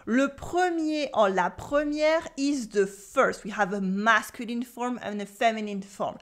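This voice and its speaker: A woman with a French accent leads a pronunciation lesson at an unhurried pace. Her voice sits a little high, and she works through careful drills, pausing so the listener can repeat after her. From France. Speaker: French teacher.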